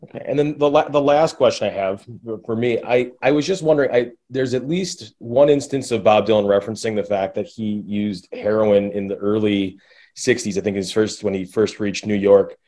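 A man's voice: lowish voice, moderate pace, mellow. A man hosting a podcast who asks long, hesitant questions full of fillers and restarts. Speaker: podcast host, interviewer. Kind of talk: conversational interview.

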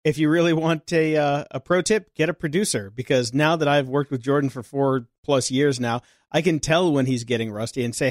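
Upbeat male podcast producer, slightly high voice. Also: animated, fairly quick, no echo, clean studio sound. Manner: upbeat, joking, emphatic. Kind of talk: casual podcast chat.

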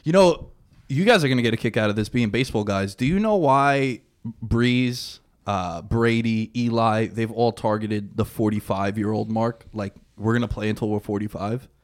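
A man's voice: fairly low pitch, normal speed. A man, chatting about sports trivia in a casual podcast conversation.

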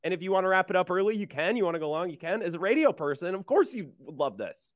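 A man from Wisconsin who hosts sports radio, chatting as a podcast guest in an animated, emphatic way with quick asides, recorded close on a mic. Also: high-pitched, no echo. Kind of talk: casual podcast chat.

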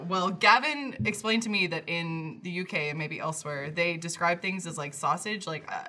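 A woman's voice: lowish voice, normal speed, a crowd in the background. A woman co-hosting a casual podcast chat, playfully telling stories and putting on silly voices. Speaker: podcast co-host.

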